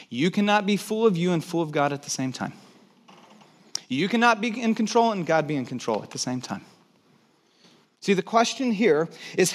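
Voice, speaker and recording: Male pastor, slightly high voice, emphatic conversational sermon delivery to a live congregation. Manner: emphatic, conversational preaching with repeated stress. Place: church room with congregation.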